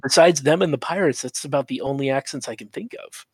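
A man casually recapping episodes of a show on a podcast, rambling with restarts and quick laughing asides. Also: mid-range voice, darkish tone, husky, no room sound. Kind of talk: casual chat.

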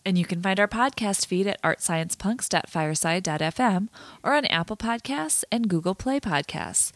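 A woman's voice: mid-range voice, animated, normal speed, fairly bright tone, no echo. A woman co-hosting a casual podcast, upbeat and encouraging. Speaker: podcast co-host.

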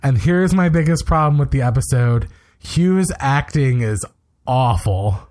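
A man co-hosting a podcast, retelling events in a brisk, opinionated, casual way with quick asides. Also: medium pitch, lively intonation, darkish tone. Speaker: podcast co-host. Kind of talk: casual recap chat.

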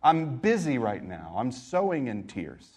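A man's voice: medium pitch, wildly swooping pitch, measured pace, slightly rough. Storytelling preacher man. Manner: storytelling preacher, shifts between quiet reflection and emphatic exhortation. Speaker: pastor. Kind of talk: sermon.

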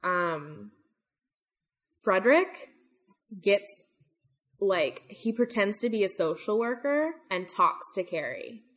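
A young woman talks through a true crime case in loose, casual chat. Her voice sits in an ordinary middle pitch. She fills her sentences with "like" and "um" and acts out the quotes. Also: lively intonation, slow, pauses often, fairly bright tone. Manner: chatty, lots of "like" and "um", acts out quotes. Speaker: podcast host telling a true crime story.

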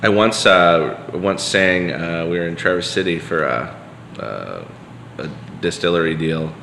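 A man's voice: deep voice, animated, a little slow, gravelly, pushed and bright. A man talking as a podcast guest, telling stories in a loose, rambling way with lots of fillers and restarts. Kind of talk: casual conversation, storytelling. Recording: echoey room with long reverb and faint hiss.

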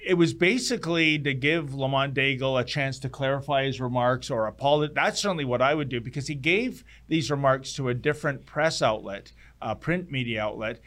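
A man's voice: medium pitch, a little fast, hardly any pauses, fairly bright tone. A man co-hosting a live talk show, earnest and talkative, often stumbling and repeating words as he gets going. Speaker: co-host. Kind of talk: casual live-show banter.

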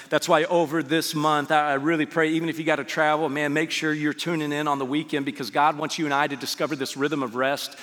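Male pastor, slightly high voice, casual sermon style, long reverb. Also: a bit bright. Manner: conversational, asks the audience rhetorical questions.

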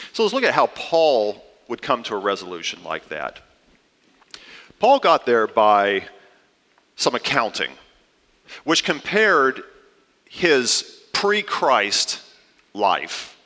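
A man's voice: mid-range voice, bright, forceful tone, big-room sound. A man preaching a sermon to his congregation, conversational and playful, with fillers and asides. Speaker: pastor.

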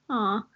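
A young woman chatting casually about a movie, animated and full of fillers. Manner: animated, lots of fillers and laughter. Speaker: co-host discussing a movie. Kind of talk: casual chat. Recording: dull lo-fi sound.

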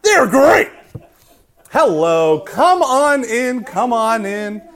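Whiny nasal young man , a man's put-on voice, high and drawn out. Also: very animated, extremely slow, full character voice. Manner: loud, sing-song, drawn out.

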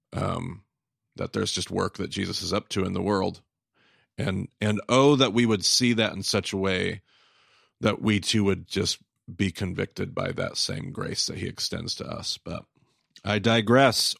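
A man's voice: sits low, unhurried, gravelly, fairly bright tone, dry recording, studio quality. A man co-hosting a casual podcast discussion, reflective and wry with emphatic turns. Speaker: podcast co-host, Bible teacher.

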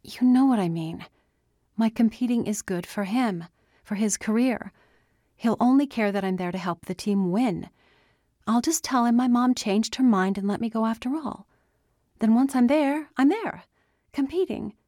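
A woman's voice: a little high, moderate pace, dry recording, studio quality, voice pushed up, lightly acted. A woman voicing a stubborn, desperate teenage girl. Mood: defensive. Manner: insistent, argumentative, rising to yells.

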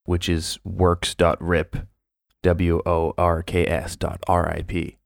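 A man's voice: deep voice, little pitch movement, slow, creaky, no room sound, clean studio sound. A man co-hosting a podcast, chatting casually and telling a rambling story full of fillers. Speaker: podcast co-host. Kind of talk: casual chat.

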